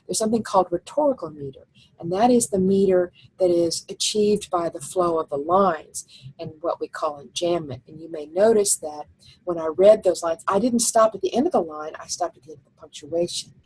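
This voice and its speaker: A woman's voice: fairly low pitch, brisk, a little mellow, husky, poor audio. A woman teacher giving a recorded slide lecture, explaining step by step and thinking aloud with fillers.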